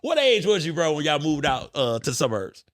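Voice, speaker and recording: Man in his thirties, podcast host, rapid talker, crisp dry sound, animated and profane. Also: on the high side, no echo. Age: 30s. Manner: animated, profane, bantering storyteller. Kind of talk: casual podcast chat.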